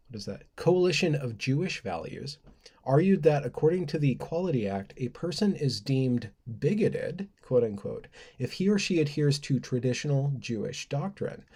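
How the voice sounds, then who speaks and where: A man with a mid-range, slightly mellow voice hosts a casual livestream, rambling playfully. He reads lists of words aloud and laughs at his own asides.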